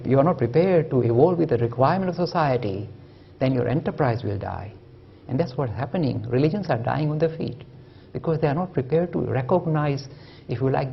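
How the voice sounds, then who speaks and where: A man's voice: a little high, creaky, breathy edge, highs cut off. A man giving a public lecture, storytelling with humor and emphatic delivery.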